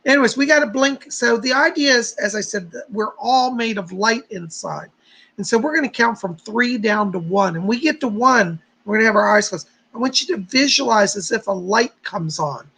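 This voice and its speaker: A man's voice: high voice, expressive, normal speed, creaky, sharp tone, husky, poor audio. A man hosting a psychic livestream who chats casually with viewers, greets them by name, leads a guided meditation and gives readings.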